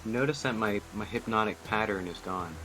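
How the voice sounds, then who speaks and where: A man's voice: on the low side, normal speed, sharp tone, soft background music, rough recording. A man playing a tabletop game, joking and teasing the others. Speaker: player. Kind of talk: casual tabletop game chat.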